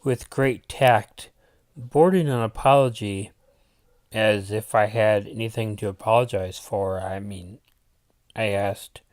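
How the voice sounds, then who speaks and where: A man reading a spooky story aloud as its narrator, in a deliberate manner with the odd aside to his listeners. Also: on the low side, fairly even intonation, a little mellow, dry recording, studio quality. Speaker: channel host reading his own story.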